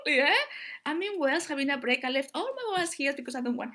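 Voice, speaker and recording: A woman's voice: high voice, big pitch swings, quick pace, sharp tone. A middle-aged woman talking casually to camera as a vlogger, chatty, laughing often and restarting her sentences.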